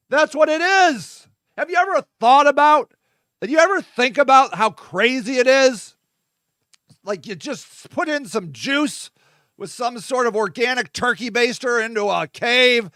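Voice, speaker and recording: A man hosting his own show, rambling irreverently and jokily, vamping to his listeners with sudden shouted bursts. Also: extremely high pitch, animated, measured pace, no room sound, clean studio sound. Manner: vamping, talks to his audience. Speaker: host. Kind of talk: casual solo monologue.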